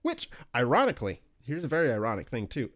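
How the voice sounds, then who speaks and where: A man on a casual podcast, swearing freely as he tells a gaming story. His voice sits at a middle pitch, but it shoots up high and squeaky whenever he acts out his own excited asides. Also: quick pace. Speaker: podcast co-host.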